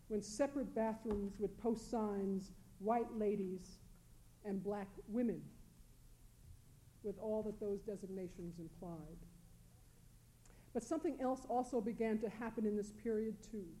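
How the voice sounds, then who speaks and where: A woman on a panel reading a prepared academic talk, measured and deliberate, leaning on key words for emphasis. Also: mid-range voice, warm tone, poor audio. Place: lecture hall panel.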